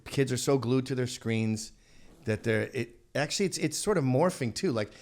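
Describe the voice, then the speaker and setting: A man in his fifties, a podcast guest, telling profane stories in casual chat and slipping into quick character voices. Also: mid-range voice, lively intonation, darkish tone.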